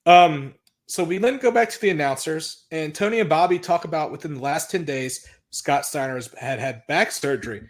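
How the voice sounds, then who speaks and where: A man's voice: on the high side, moderate pace, few pauses. Blunt, profane male wrestling podcaster. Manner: blunt, profane, exasperated recapping. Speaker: podcast co-host. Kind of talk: casual chat recapping wrestling.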